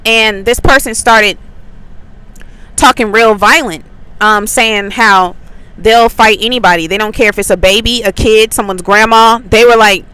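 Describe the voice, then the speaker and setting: A woman from Atlanta shares a spiritual testimony in a casual, rambling way. Her voice is bright and forceful at a middle pitch, and her talk is full of likes and ums. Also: clear, resonant tone, no room sound, low-quality recording. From Atlanta, USA. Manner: chatty storytelling with many likes and ums. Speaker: faith channel host.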